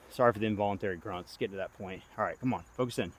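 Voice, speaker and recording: Slightly low-voiced and recorded with a little hiss or hum, a young man gives self-filmed commentary on each throw at an outdoor disc golf course. His tone flips between hyped pleas and groaning as insects chirp nearby.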